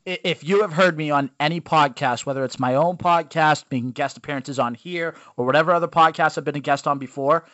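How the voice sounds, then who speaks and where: A man, a youth baseball coach guesting on a podcast, telling stories in blunt, animated sports chat. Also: on the high side, brisk, few pauses, no echo. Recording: dull lo-fi dry sound.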